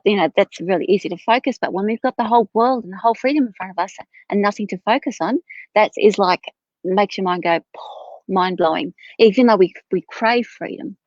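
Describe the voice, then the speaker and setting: A woman's voice: medium pitch, no echo. A tired woman giving a live-streamed tarot reading in a chatty, rambling way, often correcting herself. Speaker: tarot reader. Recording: dull, dry lo-fi stream audio.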